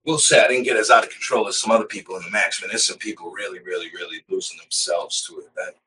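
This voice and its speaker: A man from Massachusetts tells a story on a podcast, rambling and swearing freely and often checking in with "you know what I mean". His voice is bright and sharp. He sounds a little distant from the microphone. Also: on the low side, fast. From Massachusetts, USA. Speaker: podcast guest. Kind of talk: casual storytelling of prison life.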